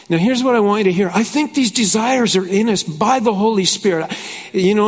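A high-pitched male pastor preaching at a conference, telling stories in a chatty way and checking in with "right?" as he goes. He laughs often and grows fervent as he preaches. His voice rings out through a large hall with a long echo tail. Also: lively intonation, moderate pace. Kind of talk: conference sermon with personal storytelling.

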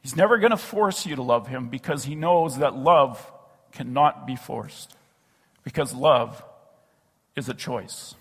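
A male pastor preaches a sermon earnestly, slowing and dropping his voice on key phrases. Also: medium pitch, slightly rough, in a large hall. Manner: earnest, slows and drops to a hush on key phrases. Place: church sanctuary.

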